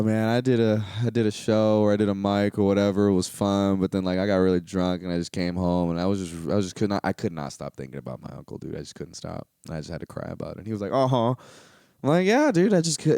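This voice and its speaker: Young man, low voice, dry close sound, rambling, candid, profane, casual podcast talk. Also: warm tone, clean tone, no echo. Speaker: podcast host. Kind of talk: casual solo podcast monologue.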